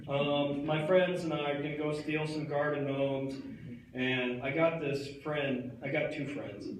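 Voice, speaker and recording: A man's voice: mid-range voice, slight background noise. Rambling young man in an echoey hall. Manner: rambling slacker talk full of "like" and "dude". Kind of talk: comic stage monologue. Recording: echoey hall picked up from far off.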